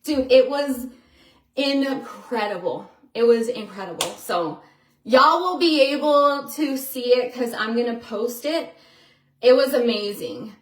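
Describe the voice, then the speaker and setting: A woman talking casually to her viewers in a vlog, chatty and excitable, full of "you know" and "like". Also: fairly high pitch, measured pace, roomy sound, low-quality recording. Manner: excitable storyteller who acts out quotes. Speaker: vlogger.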